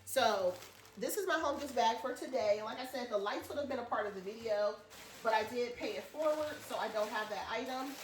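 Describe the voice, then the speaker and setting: A woman's voice: fairly high pitch, a little fast, roomy sound, slight background noise. A woman vlogger, chatting casually and telling a rambling story to her viewers. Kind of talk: casual chat to camera.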